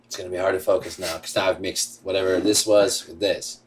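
A man's voice: deep voice, flat delivery, brisk. Tipsy, rambling male storyteller. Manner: rambling, laughing, crude. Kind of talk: tipsy comedic history retelling.

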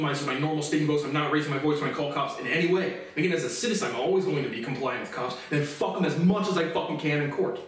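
A man's voice: a little high, fairly bright tone. A man giving a furious, profane, repetitive rant as the host of his own series. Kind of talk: angry ranting monologue. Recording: echoey room, distant mic.

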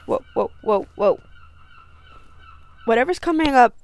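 High-voiced woman gamer. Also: measured pace, a little mellow. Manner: chatty, talks to herself, swears, gets panicky. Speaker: let's play gamer. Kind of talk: gameplay commentary.

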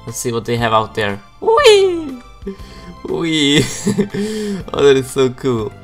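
A young man hosting a gaming video, giving casual gameplay commentary with frequent excited exclamations and giggles. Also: mid-range voice, measured pace, faint music behind.

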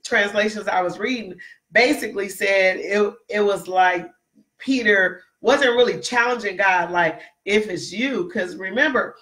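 Bright-voiced woman preaching emphatically. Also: mid-range voice, measured pace. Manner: repetitive, keeps asking "right?"; greets viewers by name mid-sermon. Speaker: preacher in a ministry. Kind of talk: livestreamed Bible teaching.

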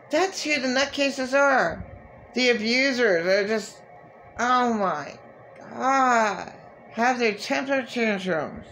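A woman's voice: fairly high pitch, lively intonation, slow pace, fairly bright tone, a little hiss or hum. A woman vlogger venting in a rambling, agitated, profane monologue.

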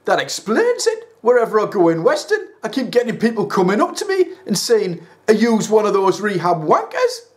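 A man's voice: moderate pace, few pauses. A man voicing a blunt, eager young Geordie addict in rehab, with a Geordie accent. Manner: eager and blunt, lively rises in pitch.

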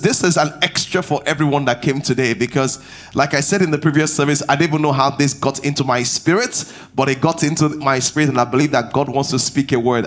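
A male pastor preaching a sermon in a church service, calling for responses from the congregation and repeating phrases for emphasis. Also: on the high side.

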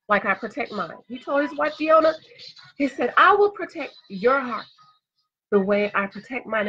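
A woman's voice: fairly bright tone, husky, muffled recording. A woman giving dating advice in an emphatic, sassy, preachy monologue, hitting her punchlines hard. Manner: emphatic, sassy, repeats a punchline with rising pitch.

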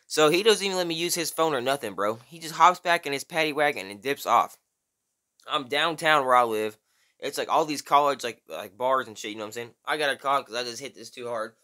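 Bright-voiced young man telling a story. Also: brisk. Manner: slangy, animated, says "bro" often; acts out quotes in high strained voice. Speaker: vlogger. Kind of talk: casual storytelling.

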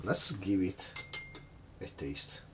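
A man's voice: sits low, sing-song, takes it slowly, background noise. A man hosting a casual cocktail-making vlog at his home bar, chatty and hesitant, nervously poking fun at himself. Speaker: home bartender host.

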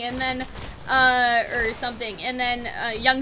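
A woman's voice: high-pitched, fairly even intonation, moderate pace, music in the background. A woman hosting a casual review chat, talking in a loose, chatty way full of "like" and "you know what I mean.". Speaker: anime review show host.

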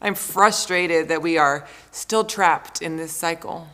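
Slow, measured woman preaching a sermon. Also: low voice, bright, forceful tone. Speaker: pastor.

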